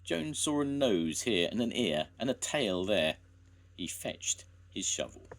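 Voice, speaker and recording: An older man, a grandfather, reading a children's story aloud in a slow, gentle way. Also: lowish voice, very animated.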